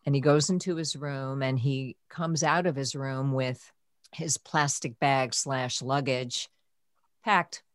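A middle-aged woman with a low voice hosts a podcast conversation, recalling a hard stretch of her life. She speaks softly and with feeling, sometimes sinking to a whisper. The sound is close and dry. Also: fairly even intonation, takes it slowly, dry recording. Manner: emotional, soft-spoken, drops to a whisper at times. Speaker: podcast host. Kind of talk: personal storytelling in conversation.

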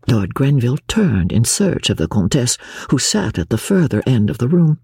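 A woman narrating a classic novel in an expressive, measured reading. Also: extremely low pitch, gravelly, breathy edge, no room sound, studio quality. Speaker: audiobook narrator.

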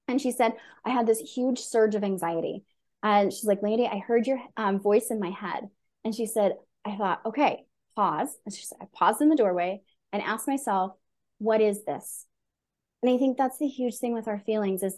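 A middle-aged woman coach, a podcast guest, telling stories in an earnest, animated way. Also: a little high. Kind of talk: conversational interview.

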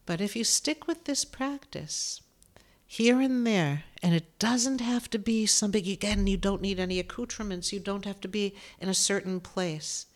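Gentle, soothing woman spiritual host. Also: mid-range voice, moderate pace. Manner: gentle, soothing, emotional at times. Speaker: medium and author, podcast host. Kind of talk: guided spiritual talk.

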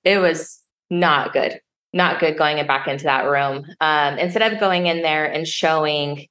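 A woman with a low voice tells a personal story in an interview, speaking frankly and now and then swearing. She acts out what others said to her, her voice jumping up when she quotes them. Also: unhurried, a bit bright. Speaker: sommelier guest.

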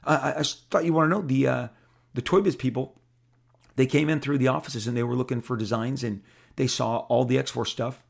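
A man putting on an excitable middle-aged male editor who talks eagerly and repeats himself on the phone. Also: medium pitch, a little fast, vocal fry.

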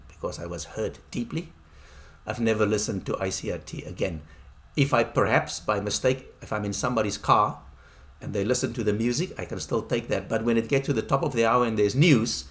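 A middle-aged man hosts a podcast in a relaxed storytelling voice. His tone is wry and a little self-mocking. His pitch sits in the usual middle range for a man. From South Africa. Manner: wry, anecdotal, self-deprecating. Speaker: podcast host. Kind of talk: casual storytelling monologue.

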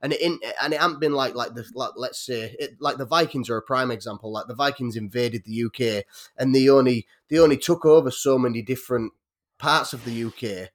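A man with a North Yorkshire accent chats on a podcast in a mid-pitched voice. He rambles, restarting his sentences and filling them with likes and ums. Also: fairly quick. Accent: North Yorkshire English. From North Yorkshire, England. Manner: rambling, many restarts and fillers. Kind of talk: casual podcast chat.

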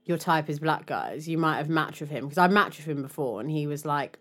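A lively young woman with a low voice co-hosts a podcast, chatting casually at a quick pace with hardly any pauses. She's animated, laughs often, and acts out the quotes she relays.

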